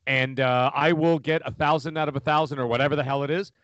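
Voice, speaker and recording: A man, chatting casually as a podcast co-host, rambling and animated. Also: medium pitch, fast, dry recording, muffled recording. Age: 40s. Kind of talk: casual chat.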